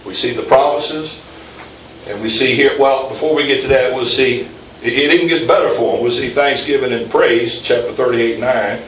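A man's voice: medium pitch, moderate pace, fairly bright tone, slight background noise. A man preaching a sermon to his congregation, chatty one moment and emphatic the next, quizzing the listeners as he goes. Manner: conversational, rising to emphatic peaks, quizzing the congregation. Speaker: pastor. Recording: echoey room, from far off, faint ambience.

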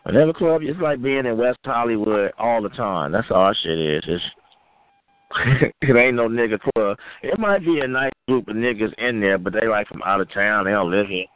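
A man's voice: on the low side, animated, moderate pace, no echo. Taunting man on a tinny phone line. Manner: loud, taunting, repetitive insults. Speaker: host of a call-in show. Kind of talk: crude trash-talking call-in banter.

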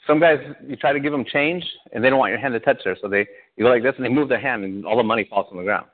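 A pastor from Southern California giving an animated personal testimony, often laughing as he tells it. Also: mid-range voice, very fast. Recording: tinny phone-like sound.

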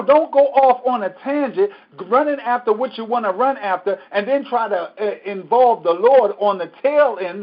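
Pastor, male, high voice, repetitive emphatic preaching, dull lo-fi stream. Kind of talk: Bible study teaching.

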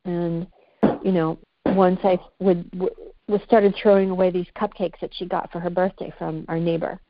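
A woman speaks candidly as a podcast guest, reflective and searching for her words in casual conversation. Her voice is fairly low with little pitch movement, at a moderate pace. The recording is muffled, dry and lo-fi, with slight background noise.

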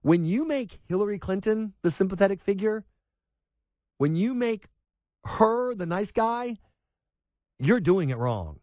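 A middle-aged man holds forth on talk radio, his pitch riding up and down with every emphatic point. His voice sits a little high for a man, and the studio sound is close and dry, with no room in it. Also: a little slow, pauses often, no room sound. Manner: animated, emphatic, sarcastic asides. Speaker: radio talk show host. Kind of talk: opinionated talk radio monologue.

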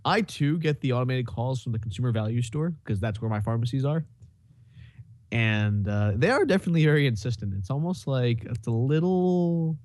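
Wry man with a lively voice. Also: medium pitch, fairly quick, dry recording. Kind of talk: casual chat.

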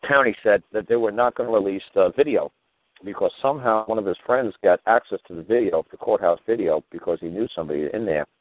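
A deep-voiced man hosts a show, telling rambling, profane stories in a casual way, peppered with "you know" and "man." There's no echo, but the recording has a tinny phone-line sound.

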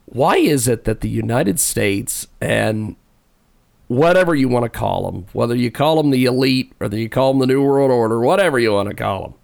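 A man's voice: mid-range voice, expressive, normal speed, vocal fry, a little mellow. A male radio show host interviewing a guest in a casual, rambling way, laughing often and poking fun at himself.

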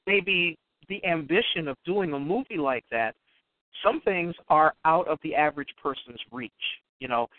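A man hosting a radio talk show, speaking haltingly with many restarts and fillers. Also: a little high, no echo. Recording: dry, phone-like line.

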